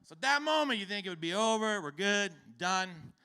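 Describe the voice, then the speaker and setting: A man in his fifties telling a stand-up comedy story on stage, acting out other people's lines and breaking into shouted exclamations. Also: high voice, normal speed, smooth. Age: 50s. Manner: animated, acts out characters with shouted exclamations. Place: comedy stage before a live audience.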